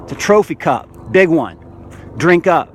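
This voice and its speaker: A man's voice: on the high side, animated, measured pace, slight background noise. Fervent rambling man preaching to camera. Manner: addresses viewers as "guys". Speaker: vlogger. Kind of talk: spiritual monologue to camera.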